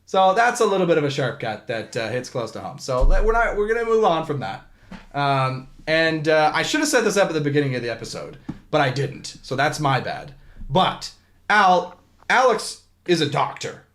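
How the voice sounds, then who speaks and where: A man's voice: on the high side, big pitch swings, moderate pace, a bit bright. A man hosting a volleyball talk podcast in casual chat, joking and rambling with frequent restarts. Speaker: podcast host.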